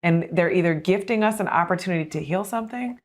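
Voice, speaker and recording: A woman in her thirties hosting a podcast interview, telling a personal parenting story in a lively, conversational way and laughing often. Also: lowish voice, fast talker. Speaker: podcast host.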